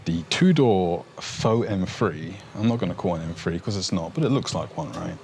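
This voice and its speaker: A man with a low, deep voice talks casually to his viewers, rambling from one thought to the next. He gets excitable, restarts his sentences often and swears mildly. A faint hum of noise sits behind him. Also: moderate pace. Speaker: car enthusiast vlogger. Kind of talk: casual talk to camera.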